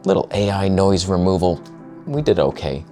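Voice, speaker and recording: A man narrating his own video footage in a casual, sarcastic, self-mocking way with quick asides. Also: low-pitched, mellow, soft background music. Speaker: photographer vlogger.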